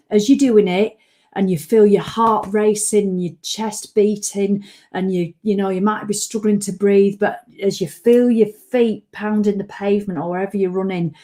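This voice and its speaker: A woman's voice: medium pitch, dark tone. A woman hosting a casual live fitness stream, giving an encouraging motivational pep talk and swearing casually now and then.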